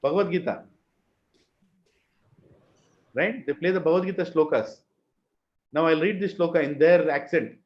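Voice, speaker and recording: Indian male teacher, slightly high voice, lecture style with chanted verses and questions, muffled recording. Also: fairly quick. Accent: Indian English. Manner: chants Sanskrit verses, asks the class questions. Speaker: spiritual teacher. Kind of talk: scripture class lecture.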